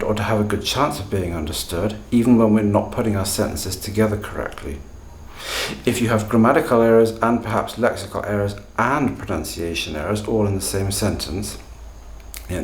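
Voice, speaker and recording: Male teacher, lowish voice, deliberate and emphatic, recorded in an echoey room. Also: a little hiss or hum. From Britain. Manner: deliberate, emphatic, tag questions. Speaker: language teacher, channel host. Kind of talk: explanatory video lesson.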